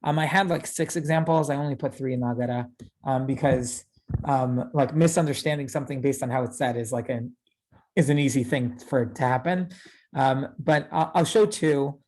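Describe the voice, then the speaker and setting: A man's voice: mid-range voice, moderate pace, darkish tone. A man in his thirties, a rabbi giving a casual lecture, chatty and full of fillers and tag questions. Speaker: rabbi teaching a class.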